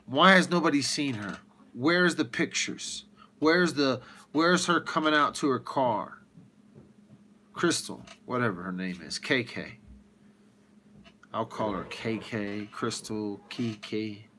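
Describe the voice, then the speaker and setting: A man hosting a livestream, ranting with rhetorical questions in an animated way. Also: mid-range voice, slow, slight background noise. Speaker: livestream host.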